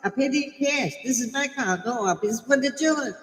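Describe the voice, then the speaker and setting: A woman putting on a high, mocking whine as an indignant adult defending a flashy car, in a roomy echo with long reverb. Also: normal speed, natural voice.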